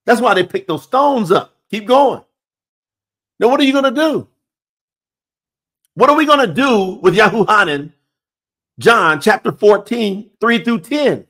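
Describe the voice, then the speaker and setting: A man's voice: extremely high pitch, a bit bright. A man preaching a sermon, reading scripture aloud and putting emphatic, direct questions to his listeners.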